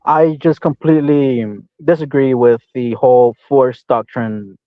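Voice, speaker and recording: A man debating casually, speaking haltingly with many fillers and restarts. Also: mid-range voice, dry recording, narrow, tinny audio.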